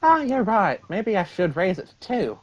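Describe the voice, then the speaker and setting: A man voicing a small, cheeky lemur kid selling tacos, his voice jumping high and slipping into a Southern drawl. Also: big pitch swings, normal speed, a little hiss or hum. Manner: squeaky shouting, drifts into Southern drawl.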